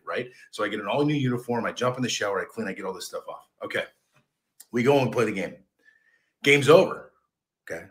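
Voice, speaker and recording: A man who played as a football long snapper, telling a casual story and often checking in with "right?". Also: lowish voice. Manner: animated, chatty, says "right?" a lot.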